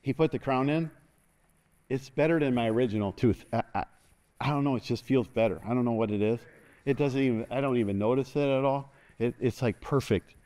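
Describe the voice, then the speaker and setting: A man's voice: mid-range voice, brisk, dark tone. An older man preaching a sermon as pastor, folksy and joking, leading the congregation in call-and-response.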